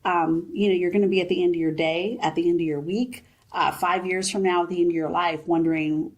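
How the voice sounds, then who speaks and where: A woman in her forties, a business founder, chatting in an interview and retelling advice in lively quoted voices. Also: fairly low pitch, brisk. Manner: animated storyteller, quotes her mother. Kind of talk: casual interview chat.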